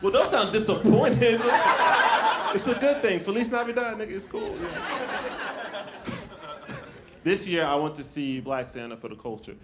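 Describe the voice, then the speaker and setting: A young man performing a stand-up comedy set, telling stories with lively shifts and jumping high for quoted lines. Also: measured pace, pauses often, heavy background noise. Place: comedy club stage with laughing audience. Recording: echoey club room, loud crowd laughter.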